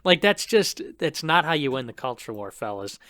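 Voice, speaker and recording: A man's voice: on the high side, very animated, moderate pace, sharp tone, dry recording, studio quality. A man co-hosting a podcast, talking in a rambling, scornful, profane way. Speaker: podcast co-host. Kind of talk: casual political podcast chat.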